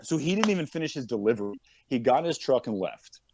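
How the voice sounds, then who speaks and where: A man's voice: mid-range voice, fast, a little hiss or hum. A man telling a story in casual chat, acting out the people in it as he goes. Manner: animated, acts out quotes of others. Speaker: podcast guest, police officer.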